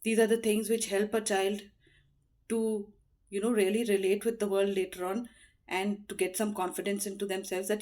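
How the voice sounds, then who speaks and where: Middle-aged woman, earnest advice talk, unhurried, "you know" fillers, medium pitch. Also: flat delivery, a little mellow. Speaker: motivational speaker.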